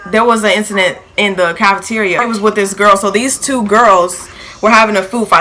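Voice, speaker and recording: A young woman telling a storytime vlog in a lively, filler-heavy way, acting out quotes, with features. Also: medium pitch, a little fast, a little hiss or hum, low-quality recording. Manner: animated, filler-heavy retelling with acted quotes. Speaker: vlogger.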